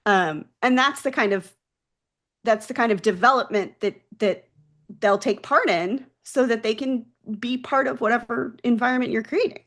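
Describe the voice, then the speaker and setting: A woman's voice: a little high, moderate pace, a bit bright. A woman guest on a podcast, a mental health practice founder, explaining things earnestly in a casual interview.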